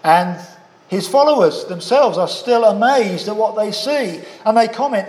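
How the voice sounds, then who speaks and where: Male preacher, slightly high voice, measured sermon delivery, long hall reverb. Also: lively intonation, a little mellow. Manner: measured, with rhetorical questions to listeners.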